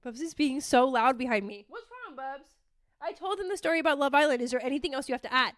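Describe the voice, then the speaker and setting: A young woman hosts her podcast in a high, smooth, clear voice, recorded close and dry. She tells stories casually and animatedly, mocking herself and swearing freely. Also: very fast, a bit bright, no room sound. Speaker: podcast host. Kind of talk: casual storytelling monologue.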